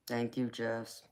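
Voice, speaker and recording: Southern-accented woman, flat even delivery. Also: a bass voice, noisy background. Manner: affectionate, calls viewers baby. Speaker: tarot reader and livestream host. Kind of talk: casual live chat with viewers.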